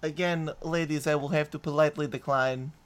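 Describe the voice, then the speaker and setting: A man playing in a tabletop game, chatting casually, halting and repeating words as he jokes. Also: on the high side, steady tone. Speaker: player.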